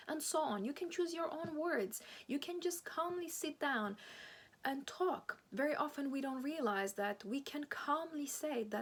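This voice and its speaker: A woman with phrasing giving earnest, animated relationship advice in a solo monologue. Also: sits high, a little slow.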